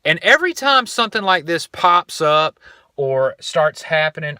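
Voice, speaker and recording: A man's voice: mid-range voice, bright, forceful tone, no room sound, clean studio sound. A young man hosting a podcast, telling stories in a laid-back, rambling way and swearing casually. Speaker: podcast host. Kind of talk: casual storytelling monologue.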